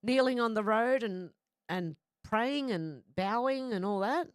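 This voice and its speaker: A woman's voice: fairly high pitch, animated, unhurried, clear, resonant tone, no room sound, studio quality. Woman with a cold, chatting. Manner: chatty, apologetic, reads comments aloud. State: stuffy with a cold, runny nose. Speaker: livestream host reading viewer comments. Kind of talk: casual livestream chat.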